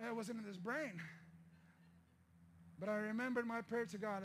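A middle-aged man from the Philippines preaching a sermon as pastor, telling a personal story and swelling into shouted, pleading passages. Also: high-pitched, steady tone, normal speed, long pauses, slight background noise.

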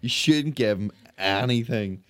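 A man's voice: mid-range voice, measured pace, clean tone. A man co-hosting a casual podcast, blunt and sweary, often starting with hesitations. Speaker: podcast co-host. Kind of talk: casual chat.

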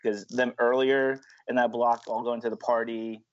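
Man, mid-pitch, casual panelist; laughs a lot, stumbles and restarts; dull lo-fi sound. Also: level tone, moderate pace. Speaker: podcast panelist. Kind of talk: casual chat. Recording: dull lo-fi audio.

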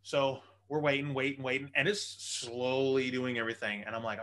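A man spinning a story on a podcast, animated and quick to swear. His voice is bright and forceful, and it carries the tale in a casual way. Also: mid-range voice.

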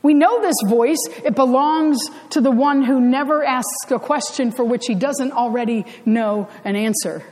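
A woman's voice: high-pitched, normal speed, hardly any pauses, a little mellow. A woman pastor giving a sermon, telling the story in a conversational way with dry humor, recorded in a church sanctuary. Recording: church hall reverb.

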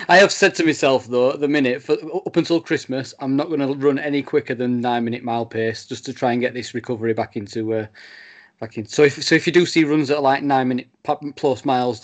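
Hesitant podcast co-host. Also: male voice, medium pitch, steady tone, brisk. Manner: hesitant, rambling, many restarts and fillers. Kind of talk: casual podcast chat.

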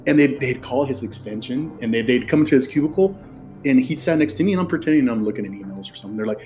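Man, podcast host, dark mellow tone, chatty storyteller. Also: mid-range voice, lively intonation, soft background music. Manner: chatty storyteller, drops into quick impressions. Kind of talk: casual podcast chat.

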